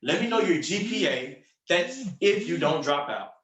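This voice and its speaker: Upbeat male sales coach, high voice, punchy delivery with lots of repetition, recorded off-mic in a roomy space. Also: very animated, normal speed, a bit bright, recorded from a distance. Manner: upbeat, punchy, repeats phrases for emphasis. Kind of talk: motivational coaching on a group call.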